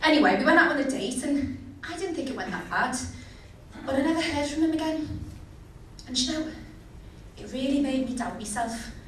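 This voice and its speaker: A woman's voice: high voice, expressive, normal speed, long pauses, a little hiss or hum. A young woman doing a cheeky, chatty stand-up set, asking the crowd questions. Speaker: stand-up comedian. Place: comedy venue. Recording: echoey venue, distant mic.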